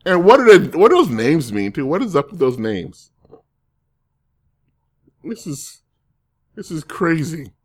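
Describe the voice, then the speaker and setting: A man's voice: on the high side, big pitch swings, unhurried, pauses often. A man streaming casually, reading viewer comments and rambling through jokes and self-corrections.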